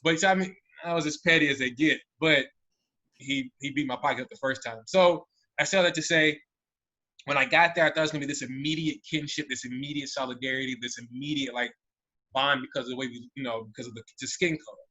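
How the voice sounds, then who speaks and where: Panelist, American man, animated storyteller, tense bright tone, muffled recording. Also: mid-range voice, fast talker. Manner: animated, with many restarts. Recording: dull lo-fi audio.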